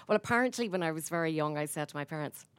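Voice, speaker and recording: A woman's voice: sits low, expressive, very fast, clear, resonant tone. A middle-aged woman from Northern Ireland with a Northern Irish accent, chatting on stage about her radio career in a self-deprecating storytelling way. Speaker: radio host being interviewed. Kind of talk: live on-stage interview. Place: stage at an awards event.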